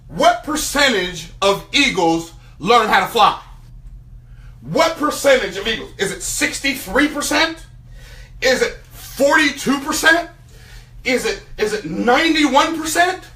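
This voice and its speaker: A man gives a motivational seminar talk in a high, lively voice that swoops up and down as he tells his story. His tone is bright and forceful, and he fires rhetorical questions at the room. The sound is roomy, picked up from some distance in a large hall. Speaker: motivational speaker.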